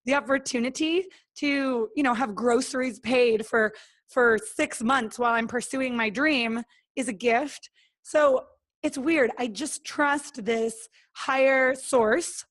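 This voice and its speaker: Here a woman's voice sits high and moves slowly. She's a podcast guest chatting casually in an interview, earnest and uplifting, playing out both what went through her head and what other people told her.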